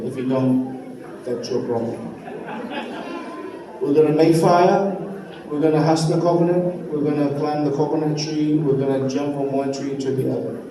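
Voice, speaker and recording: Man hosting a live show, echoey. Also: a little high. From Samoa. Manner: joking, leads call-and-response with the crowd. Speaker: cultural show host. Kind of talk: live stage presentation to an audience. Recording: echoey venue, distant mic, background noise.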